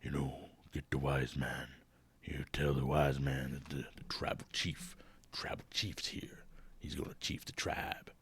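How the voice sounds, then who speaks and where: A man doing an impression of a male wrestler who calls himself the tribal chief, talking quietly in a breathy half-whisper with a slight drawl. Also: rumbling low, completely flat delivery, unhurried, pitched below the performer's own voice, full character voice. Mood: hushed.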